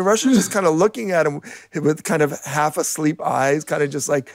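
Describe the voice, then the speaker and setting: Gravelly man in casual history chat. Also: a little high, moderate pace, hardly any pauses, no echo, clean studio sound. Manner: relaxed, anecdotal, bursts into shouted impressions. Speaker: podcast co-host.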